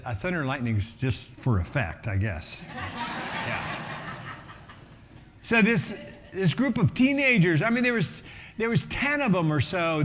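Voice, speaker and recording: A middle-aged man, a pastor, telling a story in a sermon with lively energy and acting out the voices of people in it. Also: sits high, long reverb tail, slight background noise. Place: church auditorium.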